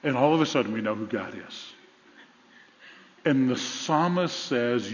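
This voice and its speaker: A pastor with a Southern US accent preaching a sermon in a church, retelling a story with animated repetition. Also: male voice, medium pitch, moderate pace. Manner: animated storytelling with repeated phrases. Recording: echoey hall, dull lo-fi sound.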